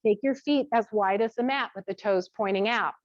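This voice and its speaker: A woman teaching a gentle yoga class, cueing each step with relaxed, chatty asides. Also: medium pitch, normal speed, dry recording. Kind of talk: guided yoga class instruction. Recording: dull, dry lo-fi sound.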